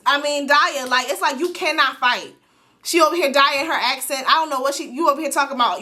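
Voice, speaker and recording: A woman recapping a reality show episode in a blunt, slangy, animated way, talking straight to her viewers. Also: a little high. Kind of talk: casual recap commentary.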